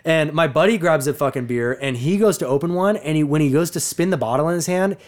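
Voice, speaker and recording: A young man co-hosting a relaxed podcast, voice sitting a little higher than most men's. He rambles through his story with constant swearing and filler. The tone is loose and conversational. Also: fast talker. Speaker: podcast co-host. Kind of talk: casual podcast chat.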